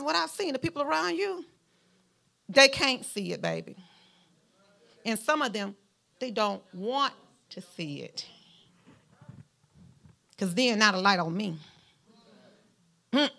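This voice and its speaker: Her gravelly voice moves a little slowly, with many pauses, as she preaches in a Southern Alabama drawl; she hails from Mount Vernon, Alabama. Folksy and emphatic, she talks straight to her congregation, her lively pitch building to emphatic peaks.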